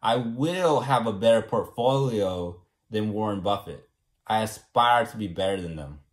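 A man's voice: fairly low pitch, animated, unhurried. A young man from California talking casually to the camera, rambling and self-assured and often tagging his points with a question. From California, USA. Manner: rambling and self-assured, keeps asking "right?". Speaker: vlogger.

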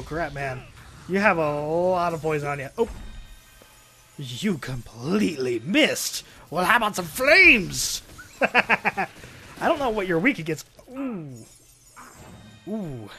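A man recording let's play commentary as a gaming video host, excitable and exclaiming and laughing often. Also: on the high side, slow pace, faint music behind.

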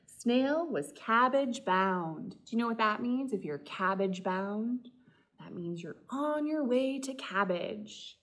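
A woman, a children's librarian, reading a picture book aloud and asking the children gentle questions. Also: a little high, unhurried. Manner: gentle, talks directly to children. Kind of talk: storytime read-aloud.

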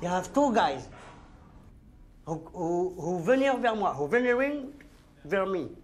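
Brief: high-pitched French-accented jailbird, all bluster, stumbling broken English. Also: male voice, big pitch swings, a little slow. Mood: storytelling. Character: boastful French inmate, jittery and comically tough. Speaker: actor in film scene. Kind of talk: film comedy acting.

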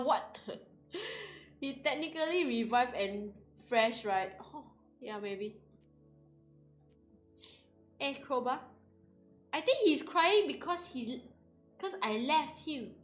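A woman giving casual game commentary, excitable and giggly, speaking English with non-native grammar. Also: sits high, takes it slowly, long pauses. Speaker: gaming YouTuber. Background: faint game music.

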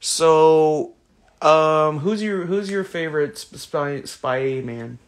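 A man's voice: fairly high pitch, takes it slowly. Young man in an echoey room. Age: 20s. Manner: joking, swearing, bursts into loud laughing shouts. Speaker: podcast host. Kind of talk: casual movie commentary chat.

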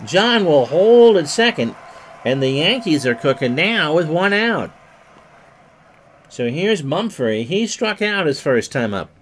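A man doing solo play-by-play for a simulated baseball game. He sounds stuffy from sneezing, gets loud on big hits and drops low for side remarks. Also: very animated, a little slow, a little hiss or hum. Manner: rises loudly on hits, drops low for asides.

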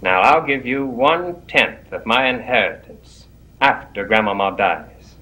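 An actor playing a scheming, menacing grandson in a 1960s TV soap drama, with music behind. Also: male voice, medium pitch, lively intonation, a little slow, bright, forceful tone, rough recording. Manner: menacing, sneering.

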